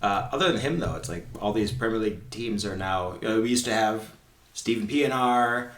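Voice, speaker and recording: A man's voice: on the low side, brisk, recorded from a distance. A man co-hosting a podcast, chatting casually and playfully, asking questions and cracking jokes. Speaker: podcast co-host. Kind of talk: casual soccer chat. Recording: echoey room, a bit off-mic, faint noise.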